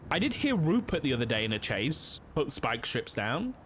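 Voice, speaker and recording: A man's voice: mid-range voice, big pitch swings, normal speed, fairly bright tone. Young male streamer, casual roleplay-cop chatter, loose and rambling, faint hiss under the voice. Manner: rambling, filler-heavy, with frequent "like". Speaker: streamer playing a police officer in a roleplay game.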